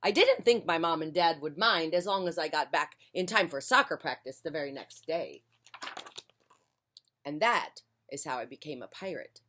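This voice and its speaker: A woman reading a children's picture book aloud on a porch, with a gentle, friendly delivery. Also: sits low, expressive, moderate pace. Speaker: children's storyteller.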